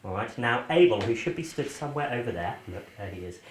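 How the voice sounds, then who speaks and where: A man's voice: medium pitch, expressive, quick pace. A man performing as a magician, joking cheekily with a volunteer during a live show at an indoor venue. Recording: echoey room with faint hiss.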